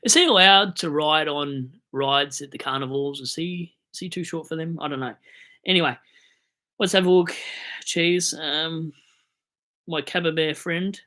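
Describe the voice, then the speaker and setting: On a laid-back fantasy football live stream, a young Australian man buzzing on coffee keeps rambling and joking. He speaks on the high side, a little slowly, with a sharp tone.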